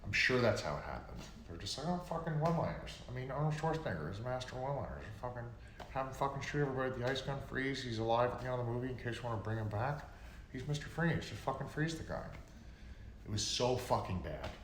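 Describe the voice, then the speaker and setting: A man's voice: mid-range voice, animated, fast talker, fairly bright tone. A man hosting a livestream, chatting casually with viewers in a rambling, profane way that gets worked up. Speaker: livestream host. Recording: echoey room with faint noise.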